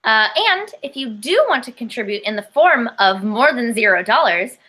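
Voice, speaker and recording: A woman's voice: a little high, sing-song, normal speed, bright, forceful tone. A woman co-hosting a comedy podcast, chatting upbeat and reading out a list of thanks. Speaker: podcast co-host. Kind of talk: casual chat.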